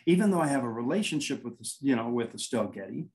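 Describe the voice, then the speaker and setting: A man's voice: mid-range voice, expressive, fast talker, darkish tone, poor audio. A man, a paranormal investigator, telling anecdotes in a casual interview, rambling and acting out quoted dialogue.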